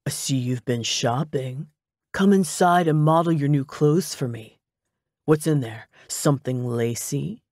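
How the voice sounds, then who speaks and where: Woman doing a smug sing-song ex-boyfriend guy, lower and pushy, storybook reading. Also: moderate pace, darkish tone, no room sound, studio quality, close to an everyday voice. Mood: wheedling.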